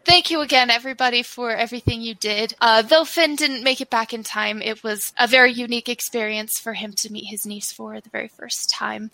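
A woman's voice: a little high, brisk, vocal fry, hardly any pauses, sharp tone, dry recording, poor audio. A woman narrating as game master of a tabletop game, easygoing with fillers.

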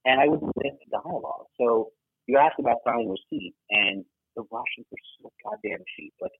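A man's voice: mid-range voice, expressive, normal speed, gravelly, slightly rough, dry recording. A man telling a story casually as a guest, swearing and filling his talk with fillers. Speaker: guest, former double agent. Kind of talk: animated storytelling. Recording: tinny phone-like line.

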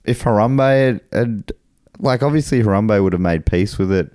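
Here an Australian man hosts a podcast in a mellow voice on the low side, speaking at normal speed. He's easygoing, chatting and laughing often as he reads listener messages. Studio quality, no echo.

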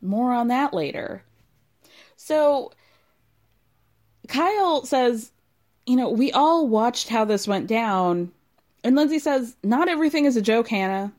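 Young woman host, lively sarcastic recap talk with lots of swearing and quoted lines. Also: fairly high pitch, takes it slowly, pauses often. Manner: animated, sarcastic, swears freely, acts out quotes. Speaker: podcast host recapping a reality show. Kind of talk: casual recap commentary.

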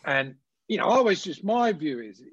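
A man's voice: sits high, very animated, a bit bright, husky, no echo, lo-fi sound. A man casually telling laughing anecdotes about his playing days. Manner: laughing anecdotes, quick asides. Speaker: podcast guest, former cricketer. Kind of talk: casual storytelling chat.

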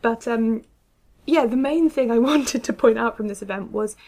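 Gravelly-voiced woman chatting. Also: on the high side, normal speed, darkish tone. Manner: chatty, hedging with fillers. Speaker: podcast co-host. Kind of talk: casual chat.

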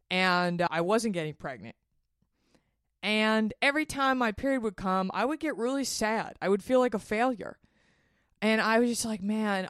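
A woman's voice: smooth, dry recording, clean studio sound. Candid, swearing woman podcaster. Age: 30s. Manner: candid, swearing, animated with sudden high outbursts. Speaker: podcast host. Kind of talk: casual solo podcast monologue.

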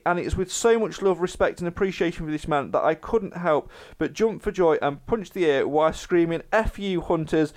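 A man's voice: high voice, darkish tone, clear, resonant tone. A man co-hosting a podcast, chatting casually and reading a fan post aloud, tripping over words as he goes. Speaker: podcast co-host.

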